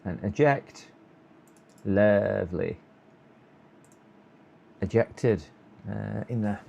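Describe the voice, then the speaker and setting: A man's voice: fairly low pitch, slow pace, vocal fry, pauses often, mellow, slight background noise. A tired man with a sore throat, chatting and muttering to himself on a live stream while he repairs a computer. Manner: muttering to himself, chuckling, hopeful coaxing. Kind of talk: casual live-stream commentary while working.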